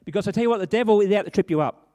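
A man's voice: sits high, racing, dark tone. Earnest man preaching. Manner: earnest, conversational, with tag questions and restarts. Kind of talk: sermon with personal story.

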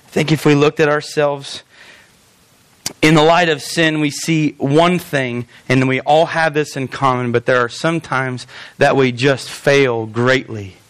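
A male pastor preaching a sermon in a church, animated and often acting out quoted voices. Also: medium pitch, measured pace, smooth, no echo.

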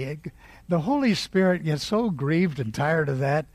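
A man preaching a sermon, leading the congregation in call-and-response and rising to loud exclaiming. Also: a little high, sing-song, measured pace, no room sound.

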